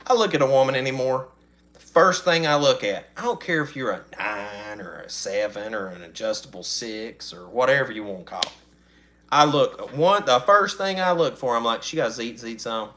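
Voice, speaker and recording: A middle-aged man with a drawl talks loosely and casually to his viewers. His voice is bright and a little forceful, and he rambles with folksy asides and chuckles. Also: mid-range voice. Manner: rambling, folksy, laughs often. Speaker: channel host. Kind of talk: casual live-stream chat.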